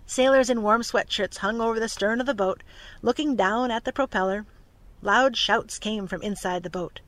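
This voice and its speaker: A narrator reading a storybook aloud in a steady, clear manner. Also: mid-range voice, normal speed.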